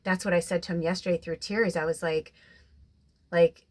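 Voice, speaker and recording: Woman, young adult, spiritual medium, rambling casual talk, low-ish voice, guided meditation. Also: steady tone, moderate pace, pauses often, darkish tone. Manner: rambling, with many "like" and "you know". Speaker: spiritual medium doing a card reading.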